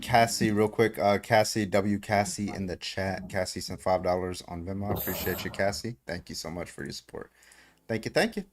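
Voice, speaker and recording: A woman's voice: rumbling low, fairly even intonation, music in the background. A woman hosting a casual livestream debate, joking and laughing often. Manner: laughs often, quick to joke. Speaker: stream host.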